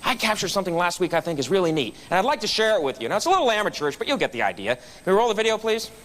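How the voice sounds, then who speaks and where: A man's voice: high-pitched, sing-song, racing, a bit bright. A man giving a humorous motivational speech to a club meeting, telling stories with punchlines. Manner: storytelling with punchlines. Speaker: guest speaker at a club meeting. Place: meeting room.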